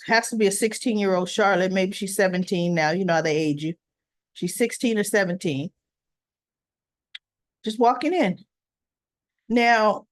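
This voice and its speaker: A woman's voice: fairly high pitch, dry recording. A woman hosting a casual recap, retelling scenes with acted-out quotes and chatty asides. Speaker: soap opera recap host.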